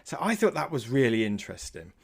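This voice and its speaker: Give me an animated man as a podcast guest in loose chat, laughing and stumbling over words, middle pitch. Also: fast, gravelly, breathy edge. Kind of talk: casual chat.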